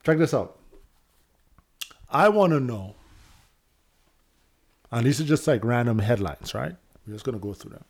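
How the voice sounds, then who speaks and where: A man's voice: medium pitch, lively intonation, a little slow, long pauses, darkish tone. A young man from Toronto hosting a casual podcast, loose and slangy, laughing as he talks. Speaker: podcast host.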